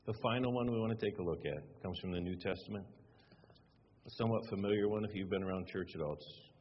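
A man preaches a storytelling sermon as pastor, speaking fast in a low voice, chatting conversationally and enacting the dialogue with varied emphasis. Slight background noise and a long hall reverb color the dull-sounding recording.

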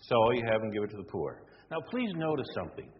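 A man preaching a sermon, animated and acting out the people in his story. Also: fairly low pitch, quick pace, a little hiss or hum. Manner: animated, acts out quoted voices. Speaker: pastor. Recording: dull sound in a reverberant hall.

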